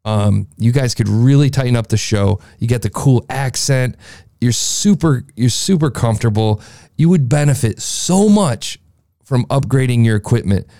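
A man's voice: medium pitch, animated, moderate pace, dark tone, dry recording. A man reviewing a podcast in casual, enthusiastic talk that loops back on itself, through a processed, beefy studio mic. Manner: rambling, enthusiastic, talks in circles. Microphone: processed studio mic, beefy sound.

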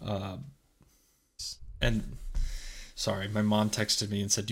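A man's voice: fairly low pitch, flat delivery, a little slow, long pauses. A young man on a podcast, chatting casually and telling a rambling story full of fillers and restarts. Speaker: podcast co-host.

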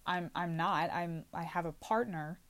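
A woman's voice: lowish voice, measured pace, a bit bright. A woman in her twenties talking anxiously to camera in a casual confessional vlog, rambling and questioning herself from inside a small closet. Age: 20s. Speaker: vlogger.

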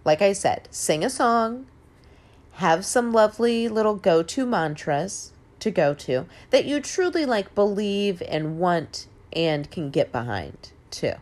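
A woman's voice: medium pitch, lively intonation, slow pace, darkish tone. A woman in her forties giving an emphatic, casual motivational talk, swearing now and then and laughing easily. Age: 40s. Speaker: host. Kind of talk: motivational monologue.

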